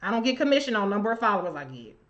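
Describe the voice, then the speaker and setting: A woman's voice: medium pitch, very animated, rapid-fire, fairly bright tone, muffled recording. An American woman hosting a livestream, delivering heated political commentary in a profane, confrontational, emphatic way and talking straight at her commenters. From United States. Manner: addresses commenters directly. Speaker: livestream host.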